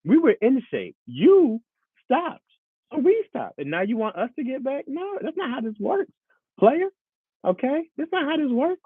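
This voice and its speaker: A man voicing his own fed-up body as a sassy male figure who lectures him for quitting workouts. The figure talks in a high-pitched voice. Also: very animated, moderate pace, breathy edge, no echo, full character voice. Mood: scolding. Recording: tinny phone-like, dry.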